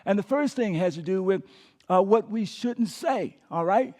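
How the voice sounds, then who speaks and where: A pastor gives a sermon in a high-pitched voice at a moderate pace. He is emphatic throughout, sometimes dropping to a quiet whisper on key words, and has the listeners repeat his words.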